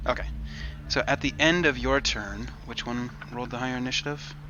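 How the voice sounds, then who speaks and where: Bright-voiced man running a tabletop game. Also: medium pitch, steady tone, a little fast, highs cut off, a little hiss or hum. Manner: easygoing, casual, says "uh" often. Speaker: game master.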